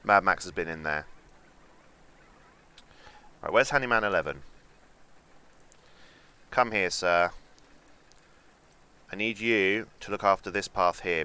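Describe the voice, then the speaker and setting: A man's voice: low voice, sharp tone, clean tone. A young man chatting and joking as he streams a game, reading out chat and swearing now and then. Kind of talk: casual gameplay commentary.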